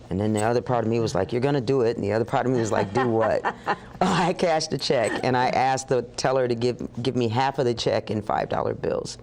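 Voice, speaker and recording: A woman telling a story as an interview guest, animated and acting out the voices of the people in it. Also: very deep voice. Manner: animated, acts out dialogue with laughs.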